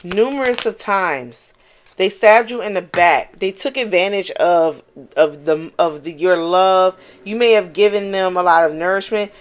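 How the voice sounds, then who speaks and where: Woman swearing, animated tarot reader. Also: lowish voice, unhurried. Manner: animated, swears freely, exclaims and repeats lines for emphasis. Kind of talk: casual channeled tarot reading.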